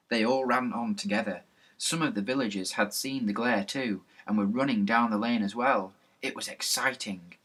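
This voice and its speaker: Bright-voiced man reading a storybook. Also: on the low side, normal speed. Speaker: reader.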